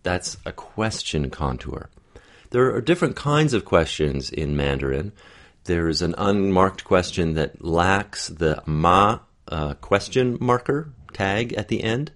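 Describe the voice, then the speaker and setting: A man's voice: low-pitched, expressive, takes it slowly, fairly bright tone. A man coaching an accent for actors, explaining tongue position and intonation and demonstrating sounds as he goes. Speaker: dialect coach.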